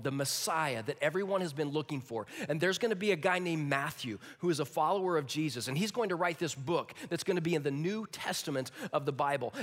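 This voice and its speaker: A man preaching a sermon with animated delivery, sometimes dropping to a hushed near-whisper for emphasis. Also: fairly high pitch. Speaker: pastor. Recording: long hall reverb.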